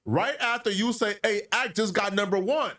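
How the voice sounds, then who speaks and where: A man making a commentary video, animated and opinionated, mimicking other people as he argues. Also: high-pitched, moderate pace, far from the mic. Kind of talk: hip-hop commentary video.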